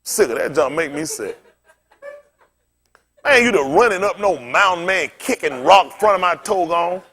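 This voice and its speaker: A man preaching from the pulpit in a high voice that leaps all over the place. He mixes his sermon with funny stories and talks in a loose, everyday way. He often breaks into laughter as he speaks. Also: normal speed. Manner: animated, colloquial, often laughing while telling stories. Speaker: pastor. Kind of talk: sermon with humorous storytelling.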